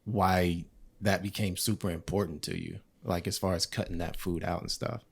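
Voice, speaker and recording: A man's voice: low voice, moderate pace, creaky, husky. A man hosting a podcast in casual chat, telling stories with a laugh and acting out his own inner dialogue. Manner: animated, laughing storyteller who acts out inner dialogue. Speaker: podcast host.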